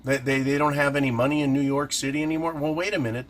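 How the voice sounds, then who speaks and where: A man's voice: on the high side, quick pace, hardly any pauses, slight background noise. A man hosting a casual commentary, talking through his points by asking and answering his own questions. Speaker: host.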